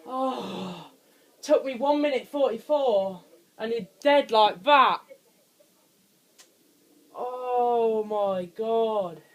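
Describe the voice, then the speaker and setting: A young man giving let's play commentary on a horror game, jumpy and quick to scream when startled. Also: very high voice. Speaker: gaming channel host.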